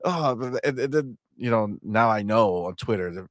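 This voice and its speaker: A man's voice: on the low side, expressive, normal speed, no echo, studio quality. A man co-hosting a gaming podcast in casual, heated banter, swearing freely and talking animatedly.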